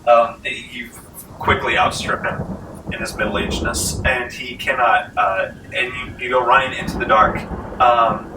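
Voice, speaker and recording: A man narrating a tabletop game as game master, lively and laughing often, recorded in a library meeting room. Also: medium pitch, a little slow. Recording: echoey room, mic far off, faint hiss.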